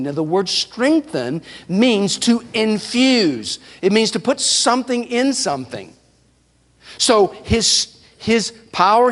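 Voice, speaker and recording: A man pastor preaching a sermon in a church, telling stories with animated delivery. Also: on the high side. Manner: animated storytelling preacher, shouts playful whoops. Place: church sanctuary. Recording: church hall reverb.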